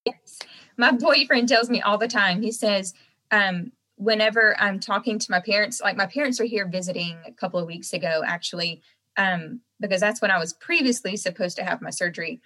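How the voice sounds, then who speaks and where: A young woman with a softened Southern American accent, chatting casually as a guest and laughing often. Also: medium pitch, a little fast, low-quality recording. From Southern United States. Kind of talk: casual chat.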